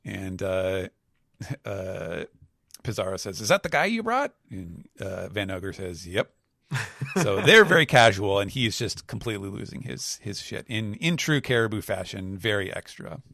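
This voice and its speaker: A man's voice: sits low, measured pace, vocal fry, bright, forceful tone, dry recording, clean studio sound. A man co-hosting a podcast, recapping a comic chapter in a rambling, casual way with lots of fillers. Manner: rambling, with many fillers, and laughs at his own jokes. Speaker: podcast co-host.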